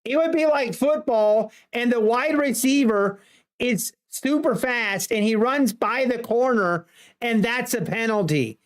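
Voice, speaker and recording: A woman's voice: on the high side, measured pace. A woman streamer chatting casually to her viewers, ranting in mock exasperation. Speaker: livestreamer. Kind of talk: casual livestream chat.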